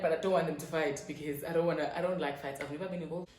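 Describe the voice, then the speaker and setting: A young South African woman telling a personal story in a casual, animated way, with frequent swearing and quick quoted lines. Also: low voice, echoey room, slight background noise, rough recording. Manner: animated, swearing, quoting others in quick bursts. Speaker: YouTuber.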